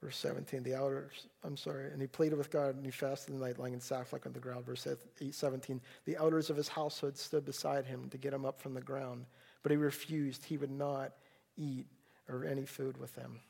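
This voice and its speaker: A man's voice: mid-range voice, flat delivery, fairly quick, creaky, a little mellow, breathy edge. A man preaching a sermon at a church service, earnest and pleading, often repeating words as he restarts a thought. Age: adult, a parent. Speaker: pastor.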